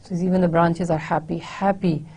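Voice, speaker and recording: A woman lecturing on a poem, reading lines aloud and explaining them slowly, often repeating and rephrasing herself. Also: on the low side, fairly even intonation, creaky, darkish tone, husky. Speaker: university lecturer. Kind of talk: poetry lecture.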